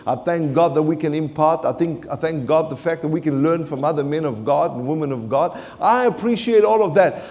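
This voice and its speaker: A South African man preaching a sermon in a church, impassioned, swinging from shouted declarations to low murmurs. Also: fairly quick, hardly any pauses. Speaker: pastor. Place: church sanctuary with congregation.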